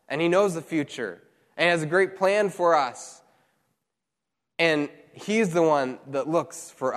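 A man preaching a sermon as pastor, telling a Bible story with lively emphasis and frequent repeated words. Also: mid-range voice, in a large hall.

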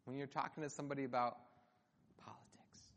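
A man's voice: a little high, animated, unhurried, a bit bright, a little hiss or hum. A man preaching a sermon as pastor, in an earnest, conversational way with emphatic lifts, in a church sanctuary. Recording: long hall reverb.

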